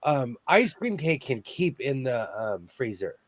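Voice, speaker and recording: A man's voice: mid-range voice, big pitch swings, unhurried, no echo. A man hosting a casual sewing chat, jokey and chatty, laughing often. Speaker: host of a sewing chat show.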